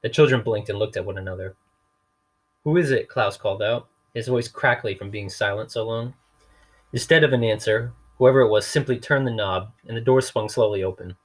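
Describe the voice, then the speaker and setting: A man's voice: on the low side, fairly quick. A man reading a novel aloud in a dry, wry storytelling manner. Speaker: reader.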